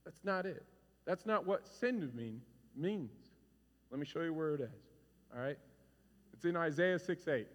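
A man in his forties preaching a sermon as a pastor, animated and conversational, acting out stories with shouts. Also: on the high side, measured pace, long pauses. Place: church hall. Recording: reverberant hall.

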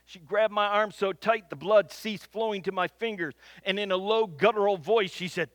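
A man's voice: high voice, normal speed, few pauses, no room sound. Man, from Michigan, comic storyteller, builds suspense with repetition, dry close sound. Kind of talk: humorous personal storytelling.

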